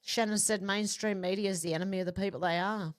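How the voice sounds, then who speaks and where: A woman's voice: medium pitch, fairly even intonation. Chatty woman reading out viewer comments. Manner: chatty, quick asides between comments. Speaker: livestream host.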